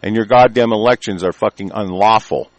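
A man hosting his own show, delivering an angry, profane rant. He breaks into shouted bursts and stumbles through halting restarts. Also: lowish voice, no room sound. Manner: halting, many ums and restarts. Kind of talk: profane ranting commentary.

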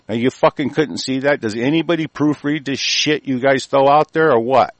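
A man's voice: mid-range voice, moderate pace, hardly any pauses, no room sound. A man hosting a commentary show, delivering an angry, profane rant and stumbling over words as he reads a news article aloud. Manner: aggressive, cursing, stumbles while reading aloud.

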